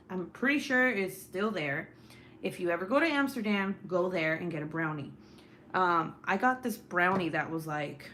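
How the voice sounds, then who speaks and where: A young adult woman hosting a livestream, telling a personal story in a casual, animated way, laughing often and swearing freely. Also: medium pitch, a little hiss or hum. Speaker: livestream host.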